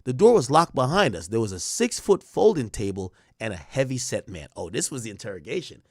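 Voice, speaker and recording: Male streamer, casual commentary, lively swinging pitch, dry close sound, reads testimony and riffs on it. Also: a little fast, dry recording. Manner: animated, reads testimony aloud and riffs on it with slang. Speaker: stream host recapping a trial.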